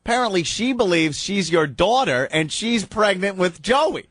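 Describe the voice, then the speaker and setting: A man's voice: high-pitched, expressive, normal speed, a bit bright, a little hiss or hum. A man co-hosting a radio talk show, bantering sarcastically and reading listener mail aloud from a studio. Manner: sarcastic, reads letters aloud with mock bafflement.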